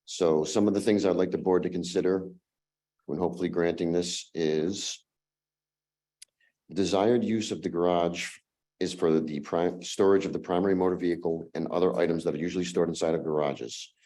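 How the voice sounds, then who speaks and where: A hoarse man who is losing his voice, making a formal presentation as an applicant to a town zoning board and running through a numbered list with fillers. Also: deep voice, fairly even intonation, normal speed, dark tone. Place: town meeting room.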